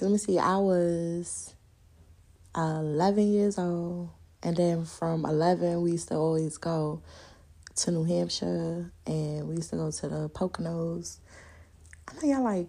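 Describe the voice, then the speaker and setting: A young woman hosting a podcast, chatting casually and telling loud, animated stories full of laughter and acted-out quotes. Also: fairly low pitch, unhurried. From New York and the countryside. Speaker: podcast host. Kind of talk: casual solo podcast chat.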